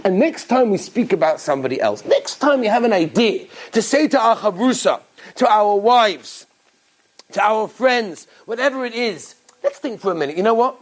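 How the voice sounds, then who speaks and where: Animated high-voiced man giving a Torah lecture. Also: moderate pace. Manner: animated, acts out voices, laughs often. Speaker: rabbi.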